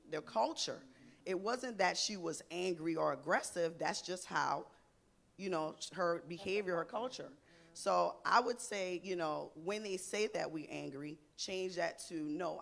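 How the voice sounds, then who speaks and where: A woman's voice: on the low side, a little slow, creaky, fairly bright tone. A woman speaking as a guest on a panel talk show, passionate and emphatic. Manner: passionate, gestures while speaking.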